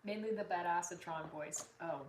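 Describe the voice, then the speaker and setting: A woman's voice: fairly low pitch, moderate pace, noisy background. A woman chatting casually with her livestream viewers, reading their comments aloud and apologizing often, recorded from a distant mic in a roomy space. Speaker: artist streamer.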